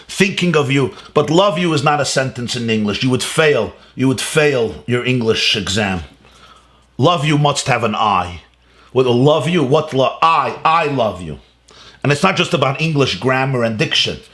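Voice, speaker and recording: Animated man giving a Torah lecture. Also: fairly high pitch. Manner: animated and emphatic, rhetorical questions, repeats key words; mixes Hebrew and Yiddish terms into English. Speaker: rabbi teaching a class.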